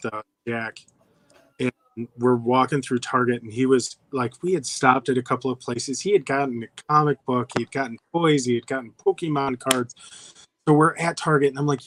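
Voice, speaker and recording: A middle-aged man telling wry, self-deprecating stories in a casual chat. His voice is mid-pitched and close, with a dry sound. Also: fairly even intonation, moderate pace, a bit bright, dry recording. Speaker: guest.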